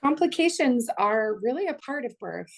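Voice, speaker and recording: A woman's voice: sits high, very animated, moderate pace, vocal fry. A woman midwife speaking at a parents' panel, heartfelt and a little teary as she talks. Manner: emotional, heartfelt, slightly teary. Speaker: midwife, clinical director. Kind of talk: panel discussion remarks.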